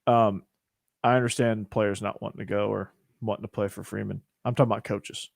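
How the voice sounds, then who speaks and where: A man's voice: fairly low pitch, flat delivery, brisk, gravelly, no room sound, studio quality. A young man hosting a podcast, giving opinions in a rambling, casual way. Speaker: podcast host. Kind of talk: casual chat.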